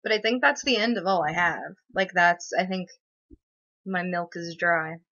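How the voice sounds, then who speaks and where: Young woman streamer, lowish pitch, sarcastic rambling chat, muffled dry webcam audio. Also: unhurried, sharp tone, dry recording. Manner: rambling, filler-heavy, sarcastic. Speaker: livestream host. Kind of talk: casual livestream chat.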